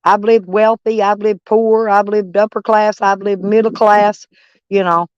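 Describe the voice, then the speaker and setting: A woman's voice: medium pitch, level tone, measured pace, smooth, dry recording, muffled recording. A woman chatting with viewers on a livestream, blunt and swearing freely, calling people honey. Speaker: livestream host. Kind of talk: casual livestream chat with viewers.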